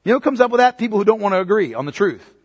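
A man's voice: sits high, big pitch swings, very fast, husky. A male pastor preaching a sermon emphatically, often asking the congregation rhetorical questions. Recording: long reverb of a large hall.

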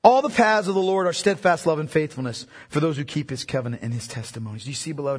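A man's voice: fairly high pitch, quick pace, hardly any pauses, breathy edge. A man preaching a sermon, speaking with emphasis, repeating key lines and putting questions to his listeners. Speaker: pastor. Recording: long hall reverb.

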